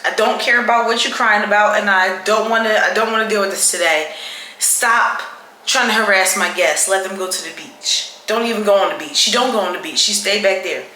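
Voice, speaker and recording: A woman's voice: medium pitch, brisk, pushed and bright, natural voice. A woman voicing a fed-up male beach worker who curtly scolds someone, recorded in an echoey room. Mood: annoyed. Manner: curt, firm scolding. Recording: echoey room with faint background noise.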